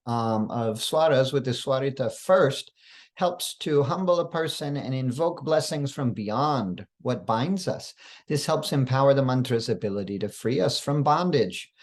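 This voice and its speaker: A man, a spiritual teacher, giving a slow, careful instructional talk with occasional fillers and throat clearing. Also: medium pitch, darkish tone. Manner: slow, careful, deliberate explanation.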